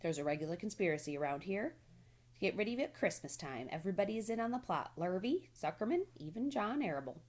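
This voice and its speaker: A woman's voice: lowish voice, lively intonation, quick pace, a little mellow. A woman voicing a blunt, gossipy old female sheep who talks in a matter-of-fact way.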